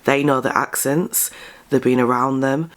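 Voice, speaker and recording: An English woman giving blunt, sarcastic commentary as a vlogger, stressing words with sudden high jumps. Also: steady tone, measured pace. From England. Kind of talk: casual commentary monologue.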